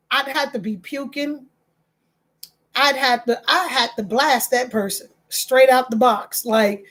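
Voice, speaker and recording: A high-pitched woman talks straight to her viewers in a casual commentary show. She argues with passion and emphasis, and her pitch climbs whenever she gets worked up. Her voice sits well above that of most women. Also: steady tone, unhurried, a bit bright. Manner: passionate, emphatic, rising in pitch when outraged. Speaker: online talk show host.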